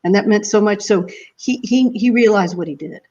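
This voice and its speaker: A woman speaks as an interview guest, her voice sitting at an ordinary middle pitch. She tells a heartfelt story in casual conversation and breaks into small laughs along the way. The audio is muffled and lo-fi. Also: moderate pace, warm tone. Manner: emotional storytelling, frequent laughs. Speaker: guest musician.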